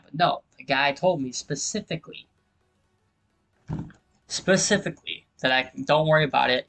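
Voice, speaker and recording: A man's voice: medium pitch, vocal fry, fairly bright tone, low-quality recording. A man hosting his own gaming channel, telling a heated story over gameplay, swearing often and acting out what people said.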